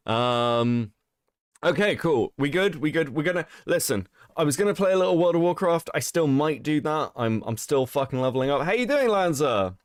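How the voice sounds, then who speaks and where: A man's voice: on the high side, animated, moderate pace, clear, resonant tone, no echo, clean studio sound. A man hosting a casual livestream while sick, reading chat aloud, swearing and laughing often. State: sick, rough voice. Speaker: streamer host.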